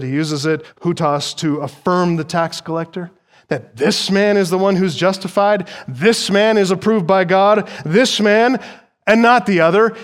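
A middle-aged male pastor delivering an expository sermon, his voice sitting a little higher than most men's. He leans into key phrases, swinging between hushed asides and loud, emphatic peaks. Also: clear, resonant tone.

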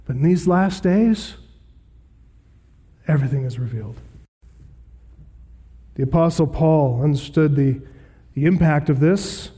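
Heard through long hall reverb, a pastor with a warm voice on the high side reads scripture aloud. His expository sermon is earnest and emphatic.

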